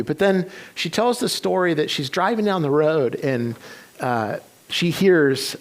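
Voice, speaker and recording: A man's voice: on the high side, animated, a little slow. A man preaching a sermon, retelling a story with many restarts and quoted voices. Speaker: pastor. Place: church sanctuary.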